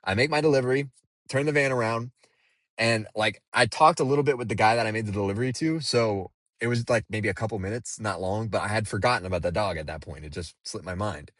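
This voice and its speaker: A man's voice: lowish voice, fast, fairly bright tone, dry recording, studio quality. A man telling a story to the camera in a casual, rambling way, swearing freely and using lots of fillers. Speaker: delivery driver.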